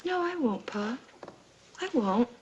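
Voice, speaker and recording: A woman's voice: a little high, very animated, slow, lo-fi sound, slight background noise. Frightened pleading young girl. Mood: timid. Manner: pleading, tearful denials. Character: frightened young girl accused of starting fires. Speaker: daughter. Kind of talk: 1950s TV drama acting.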